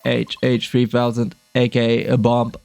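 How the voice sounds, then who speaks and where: A man streaming a game, reading a terse male bomb expert in a flat, clipped, machine-like delivery. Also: medium pitch, moderate pace, creaky, close to an everyday voice. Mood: clipped robotic. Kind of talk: casual game dialogue reading.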